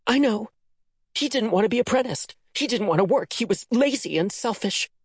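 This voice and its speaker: An audiobook voice of a young woman, frightened and furious by turns, as a male narrator puts her on. Her voice sits high and breathy, with a dry close sound. She pleads and insists with raw emotion. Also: unhurried, no room sound, heavily acted. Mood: bitter. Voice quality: hoarse murmur. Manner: raised pitch, emotional and insistent. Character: young woman, frightened, angry, bitter daughter. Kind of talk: audiobook character voice.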